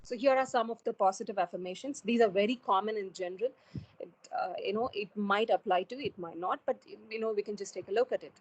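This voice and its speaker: A woman's voice: medium pitch, fast, breathy edge, poor audio. A woman giving an online webinar talk on goal setting, earnest, with many fillers and restarts, heard over a video call. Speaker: webinar speaker.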